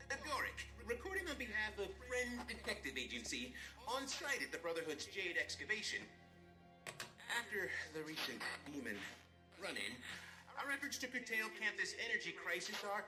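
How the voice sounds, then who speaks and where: A man's voice: high voice, huge pitch swings, moderate pace. An actor playing a fussy, self-important male asura scientist who keeps formal case notes, in a video game. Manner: precise, formal log-keeping tone. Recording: game music behind voice.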